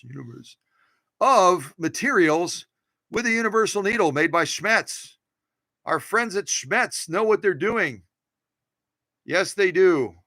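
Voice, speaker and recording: A jokey man in his home workshop gives a casual demo of the vintage sewing machines he restores, cheering on the machine and camera as he goes. His high voice comes across pushed and bright. There is no echo.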